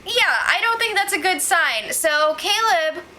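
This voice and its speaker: Bright high-voiced woman recapping excitedly. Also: measured pace, slight background noise, rough recording. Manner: animated, exclaiming, acts out quotes. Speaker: show recap host. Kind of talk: casual spoiler recap chat.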